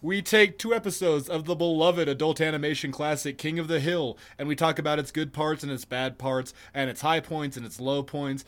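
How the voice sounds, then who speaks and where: A man's voice: a little high, steady tone, a little fast, hardly any pauses. A man co-hosting a casual podcast, joking crudely and swearing freely. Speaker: podcast co-host. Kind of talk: casual chat.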